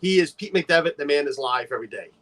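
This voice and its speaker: A man's voice: a little high, lively intonation, fast talker, fairly bright tone. A man hosting a casual livestream, chatty and playful, greeting viewers by name and teasing his co-host.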